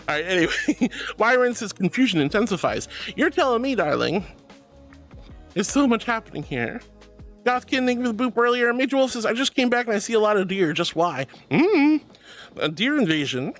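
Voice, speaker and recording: Giggly and upbeat, this woman streams as a VTuber and answers her chat, addressing viewers as darling and sweetie. She speaks at a moderate pace in a medium-pitched voice with big swings, over soft background music.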